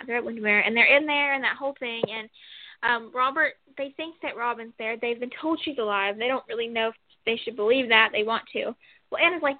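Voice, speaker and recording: A woman's voice: on the high side, dry recording. Chatty woman on a tinny line. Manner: rambling, animated, lots of "like". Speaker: co-host. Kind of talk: casual chat recapping soap scenes. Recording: phone-like dry sound.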